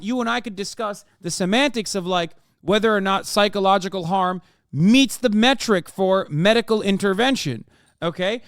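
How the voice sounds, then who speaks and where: A male streamer ranting at his chat during a live reaction stream, profane and combative, often yelling. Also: high-pitched, fairly quick, no room sound, studio quality.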